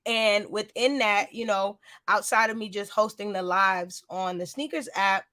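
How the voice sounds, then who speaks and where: At a medium pitch and a little slow, her steady voice sounds pushed and bright as she, a podcast host and sneaker content creator, recounts her story as an interview guest. The talk is chatty, rambling and filler-laden, and the studio-quality recording has no echo.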